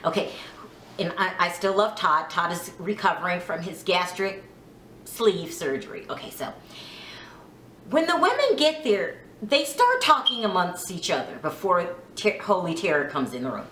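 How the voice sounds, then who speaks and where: Woman, casual TV recap, outspoken, bit of cursing, very lively pitch, echoey room. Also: moderate pace, slight background noise. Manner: frank, opinionated, mildly profane; animated, acts out quotes. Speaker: reality TV recap vlogger.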